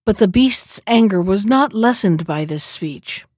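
A woman's voice: mid-range voice, animated, measured pace, hardly any pauses, darkish tone, dry recording, studio quality. Woman reading a fairy tale aloud. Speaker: narrator. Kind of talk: storybook reading.

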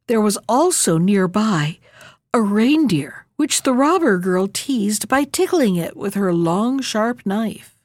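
A woman narrating a fairy tale in a lively, expressive storybook reading. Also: mid-range voice, slow, no room sound, clean studio sound.

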